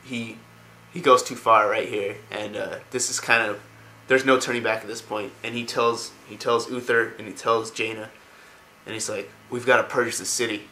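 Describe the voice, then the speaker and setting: A man's voice: on the low side, level tone, normal speed, sharp tone, slight background noise, low-quality recording. A man casually retelling video game lore, rambling with many fillers.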